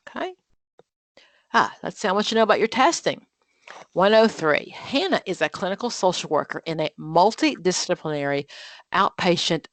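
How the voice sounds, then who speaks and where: A woman's voice: fairly low pitch, no room sound. Chatty woman teaching an exam prep group. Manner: reads practice questions aloud, then quizzes and explains; chatty, frequent fillers and self-corrections. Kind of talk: live online study group lesson.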